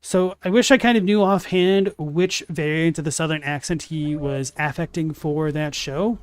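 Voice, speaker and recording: A young man casually commenting on a video game as he plays, reacting aloud and chatting with viewers. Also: on the high side. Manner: chatty, reacts aloud while playing and answers chat. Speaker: let's play host.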